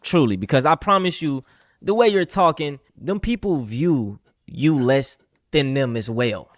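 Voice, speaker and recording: A man giving casual reaction commentary in an animated, exasperated and blunt way. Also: mid-range voice, a little slow, no room sound, clean studio sound.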